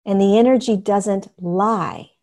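A woman's voice: mid-range voice, unhurried, vocal fry, a little mellow. Earnest, emphatic woman guest. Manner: earnest, emphatic, acts out quotes. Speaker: podcast guest, spiritual teacher. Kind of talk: casual conversation.

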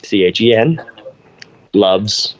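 A young man from Memphis chats as a podcast guest, animated and self-deprecating. His pitch swings widely as he talks, and the recording sounds a bit dull and lo-fi. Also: takes it slowly. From Memphis, Tennessee. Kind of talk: casual interview.

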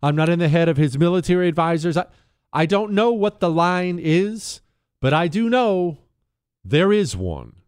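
A man hosting a talk radio show, riffing in an animated, sarcastic monologue. His voice is smooth and resonant, recorded close on a dry studio mic with no room sound. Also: moderate pace, dry recording. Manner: animated, sarcastic, jumps to high silly voices and sound effects. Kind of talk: opinionated casual monologue.

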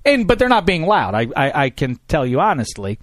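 A man in his thirties hosting a radio talk show, telling a story in a lively, sarcastic way. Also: fairly high pitch, brisk, dry recording, studio quality. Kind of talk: casual storytelling chat.

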